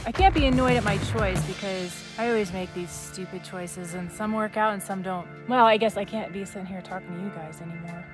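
A woman's voice: mid-range voice, brisk, few pauses. Exasperated woman vlogging on a mountain trail. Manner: breathless, exasperated self-talk, swearing. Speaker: adventure vlogger. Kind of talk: casual talk to camera. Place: steep mountain trail outdoors. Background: music.

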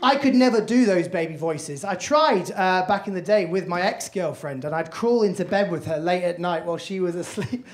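A man's voice: high-pitched, lively intonation, normal speed, few pauses, reverberant. A man doing a stand-up comedy set on a club stage, conversational, sweary and self-deprecating, through a handheld mic.

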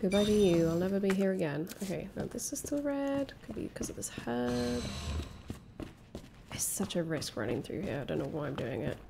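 A woman's voice: on the low side, very animated, normal speed, creaky, background noise. A young woman streaming her first playthrough of a game, chatting casually, swearing and spiraling into panicked repeated words. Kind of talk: casual gameplay commentary.

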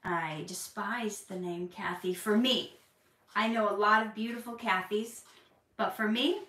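Measured in pace and mid-range in pitch, a woman hosting a live Q&A chats casually with her viewers, then shifts into an earnest, preachy tone, becoming animated when excited. A distant mic leaves her slightly off-mic amid roomy echo.

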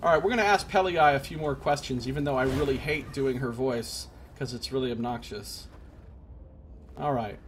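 A man's voice: mid-range voice, moderate pace, a little hiss or hum. A man streaming a role-playing game, chatting casually with joking, self-deprecating asides. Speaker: let's play streamer.

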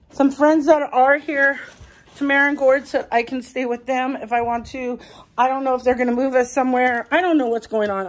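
A middle-aged woman vlogging on her phone from a dark, hot hotel room, crying and rambling in a panic, swearing as she talks. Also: fairly high pitch. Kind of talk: casual phone vlog.

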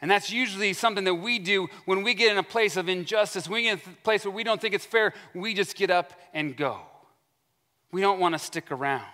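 A man's voice: sits high, a little fast, bright, forceful tone. A male pastor giving a conversational sermon in a church sanctuary, acting out the voices he quotes, heard with long hall reverb.

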